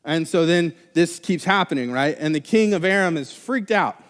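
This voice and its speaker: Casual young pastor preaching in a reverberant hall. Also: male voice, fairly high pitch, animated, moderate pace. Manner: casual, rambling with many restarts and fillers. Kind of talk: sermon. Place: church sanctuary. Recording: live church recording with long hall reverb.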